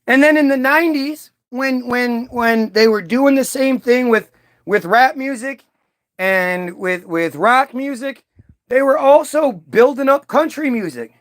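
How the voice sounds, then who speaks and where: He speaks a little slowly in a very high-pitched, fairly bright voice with lively intonation. An adult video commentator who remembers early-2000s hits, he gives a fiery, profanity-laced monologue to camera that rambles, full of restarts and trailing asides.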